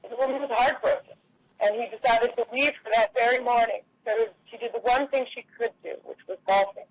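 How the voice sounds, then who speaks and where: A woman's voice: a little high, no room sound, low-quality recording. Woman telling jokes in a dry room. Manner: loose, halting storytelling. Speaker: stand-up comic. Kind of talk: telling jokes at an open mic.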